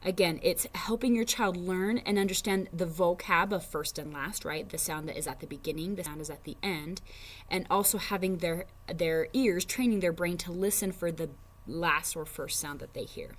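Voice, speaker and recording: A young adult woman teacher giving a casual parent education talk, with many fillers, slowing down to stress sounds when she models words. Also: on the low side.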